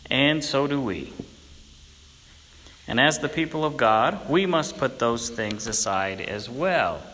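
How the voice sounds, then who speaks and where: Slow, hoarse-voiced preacher in a church. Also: male voice, mid-range voice, animated, pushed and bright, long reverb tail, slight background noise. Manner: slow, deliberate preaching with emphatic repetition. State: hoarse from a cold. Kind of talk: sermon.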